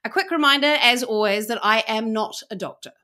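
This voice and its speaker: A woman's voice: on the high side, brisk, bright, forceful tone. A woman in her forties with a New Zealand accent, hosting a podcast in a playful, theatrical way. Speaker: podcast host. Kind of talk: casual chat.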